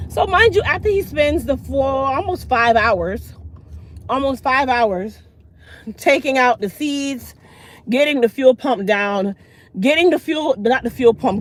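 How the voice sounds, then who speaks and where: This vlogger and channel host, a middle-aged woman whose voice sits high, chats casually with viewers through a long story over slight background noise. She gets animated, playing the other people involved.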